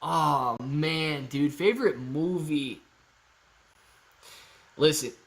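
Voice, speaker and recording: A man's voice: fairly high pitch, extremely slow, fairly bright tone. A man hosting a casual livestream, reading viewer comments aloud and answering them in a playful, joking way. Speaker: livestream host.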